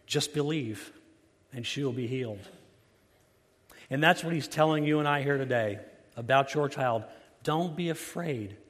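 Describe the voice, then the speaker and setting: A man preaching a sermon, earnest, slowing down and softening his voice to stress key lines. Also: on the high side, in a large hall. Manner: earnest, slows and softens for emphasis. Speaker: pastor.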